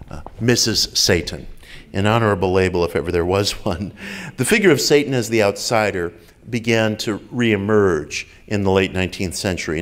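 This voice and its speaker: A man giving a public lecture in an enthusiastic, wry way, with frequent fillers. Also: fairly low pitch.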